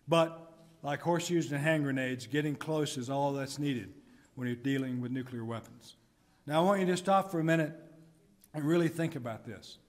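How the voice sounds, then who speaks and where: Formal middle-aged man speaking in a hall. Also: a little high. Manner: measured, emphatic, deliberate delivery. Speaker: military commander giving a speech. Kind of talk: formal prepared speech. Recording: echoey conference hall.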